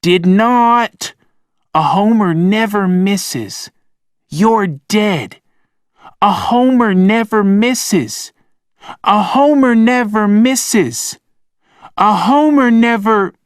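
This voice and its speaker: Man doing a shrill shouting little boy. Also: expressive, very slow, clean tone, dry recording, studio quality, full character voice. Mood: shouting playfully. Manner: shrill, shouty playground taunting. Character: excited small boy playing Sandman.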